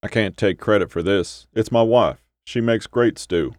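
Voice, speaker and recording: A man voicing a wiry old man in the woods with a gravelly voice, speaking slowly and calmly with a quiet menace. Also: fairly low pitch, no echo, studio quality, natural voice. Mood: friendly.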